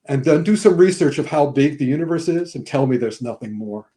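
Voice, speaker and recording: A man's voice: fairly high pitch, a little fast. An older man talking casually about films on a podcast, telling stories at length and acting out the lines people say. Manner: animated storyteller, acts out quotes in different voices. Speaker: regular guest film expert.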